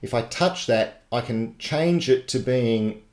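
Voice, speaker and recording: A man's voice: medium pitch, slow pace, a little mellow. A man running a live tech tutorial webinar, explaining things step by step in a chatty way. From Australia. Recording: echoey live broadcast.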